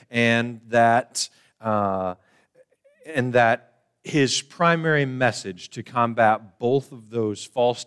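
A man's voice: medium pitch, fairly bright tone, smooth. A man preaching a conversational sermon to his church, explaining plainly and poking fun at his own jokes. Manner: casual, self-deprecating joking preacher. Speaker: pastor. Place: church service.

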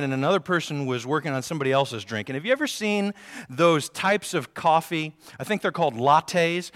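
Middle-aged male pastor, sermon in a church, slightly high voice, big loud-to-soft swings, long hall reverb. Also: clear, resonant tone. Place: church sanctuary.

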